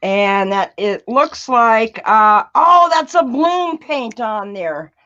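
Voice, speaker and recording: An upbeat woman chatting as a guest on a live art stream, eager and friendly. Her voice is fairly high and comes through dull, lo-fi remote call audio. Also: lively intonation, slow pace, pushed and bright. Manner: upbeat and eager, greeting viewers. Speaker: guest artist. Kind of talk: casual live-stream chat.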